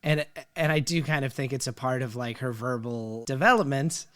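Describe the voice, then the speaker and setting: A man's voice: mid-range voice, moderate pace, a bit bright. A man in his thirties co-hosting a casual parenting podcast, talking candidly and laughing easily. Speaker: podcast co-host. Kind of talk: casual chat.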